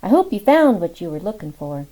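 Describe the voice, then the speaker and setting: A woman's voice: medium pitch, sing-song, fairly quick, mellow, low-quality recording. A woman voicing a dry, wry FBI agent in an audiobook.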